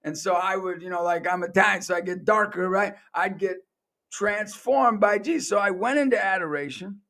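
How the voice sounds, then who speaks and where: Male podcast host, earnest storyteller, raspy gravelly edge, slightly high voice, casual chat. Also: normal speed, pushed and bright.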